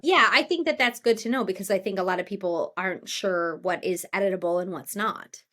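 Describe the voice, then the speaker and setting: A woman's voice: mid-range voice, fairly quick, sharp tone. Chatty woman co-host thinking aloud. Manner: rambling, thinks aloud with many fillers and restarts. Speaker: podcast co-host. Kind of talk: casual podcast chat.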